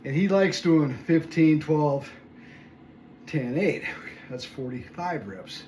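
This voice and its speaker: A man in his sixties, a fitness vlogger, counts reps aloud while out of breath, groaning and muttering between sets. His voice is on the high side, slow and a little mellow. A phone camera set at a distance picks him up in an echoey room with background noise.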